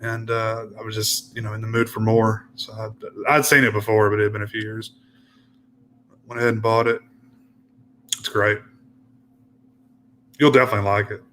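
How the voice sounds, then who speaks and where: A man's voice: on the low side, level tone, normal speed, long pauses, fairly bright tone. A man co-hosting a casual film discussion podcast, talking hesitantly and often trailing off. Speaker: podcast co-host.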